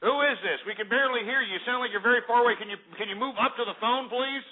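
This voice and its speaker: Man, call-in radio host, high voice, ranting, abrasive, tinny phone-quality audio. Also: rapid-fire. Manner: ranting, insulting, hangs up on callers. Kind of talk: abrasive call-in show hosting.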